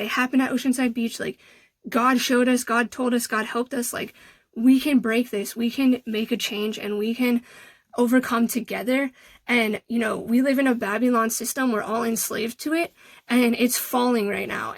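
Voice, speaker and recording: A woman's voice: a little high, no room sound. A woman telling a story in a casual, chatty way, full of "like" and "you know". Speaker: vlogger.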